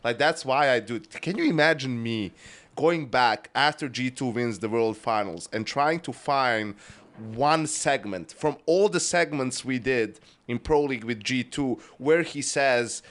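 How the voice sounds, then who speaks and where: A male podcast co-host with a middle-pitched voice chats casually. His delivery is flat and monotone, broken up by frequent laughs. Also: a little slow.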